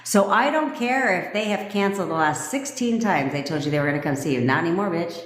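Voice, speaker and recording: A woman's voice: fairly low pitch, animated, quick pace. A woman coaching viewers during a live stream, blunt, bossy and full of swearing, loose and joking as she talks. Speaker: manifestation coach. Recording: echoey room with long reverb.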